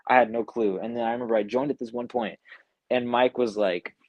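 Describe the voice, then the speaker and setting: A man's voice: mid-range voice, a little fast, no echo, lo-fi sound. A young man, a music producer, casually telling a story in an online interview and acting out what others said, with lots of "like". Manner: animated retelling, acts out quotes, says "like" often. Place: home, online live interview. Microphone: video call.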